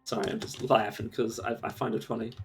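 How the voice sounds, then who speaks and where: A man's voice: on the low side, flat delivery, quick pace, creaky, soft background music. A man streaming a game live, ranting casually with lots of swearing and filler words. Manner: rambling rant, swears, many fillers. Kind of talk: casual live-stream commentary while gaming.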